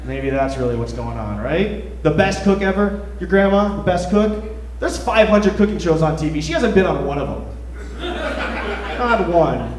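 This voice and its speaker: A man's voice: on the high side, big pitch swings, normal speed, a little mellow. A man in his twenties doing a self-deprecating stand-up comedy set on a club stage, rambling with hesitant fillers. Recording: roomy club, from far off the mic.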